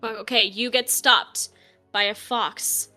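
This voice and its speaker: A woman's voice: a little high, fairly even intonation, slow pace, sharp tone, soft background music. A woman narrating a tabletop game as game master in a casual, chatty way. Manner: casual, chatty, with fillers and laughs.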